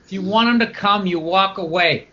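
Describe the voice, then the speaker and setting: A man's voice: high-pitched, moderate pace, sharp tone, slight background noise. A man, a comedian, chatting casually on a podcast with laid-back, wry banter. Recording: muffled lo-fi audio.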